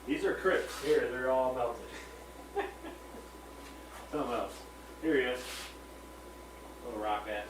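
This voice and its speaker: A man's voice: mid-range voice, slow pace, long pauses, background noise. A man hosting a casual live stream from his fish room, chatting freely, greeting viewers by name and stumbling over words now and then. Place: home fish room with aquariums.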